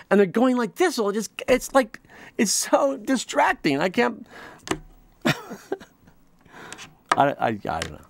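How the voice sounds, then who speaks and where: A man with a fairly high, very lively voice hosts his own comedy show. He rambles through a monologue, trips over his own restarts, and slips into quick mock voices. The sound is dry and close. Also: vocal fry, no echo. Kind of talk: comic monologue.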